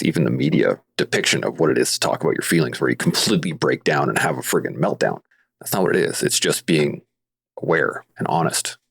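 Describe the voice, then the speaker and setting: A man with a very deep, low voice talks through his ideas on a podcast, earnest and steady. He grew up in Canada and explains things with simple everyday comparisons. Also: vocal fry, slightly rough. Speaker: podcast guest, veteran advocate. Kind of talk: casual podcast conversation.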